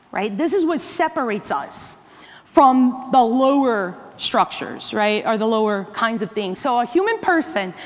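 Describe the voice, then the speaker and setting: A woman's voice: fairly high pitch, a bit bright. A woman giving a live workshop talk to catechists, conversational and often checking in with "right?" and "okay?". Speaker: workshop presenter. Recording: long hall reverb.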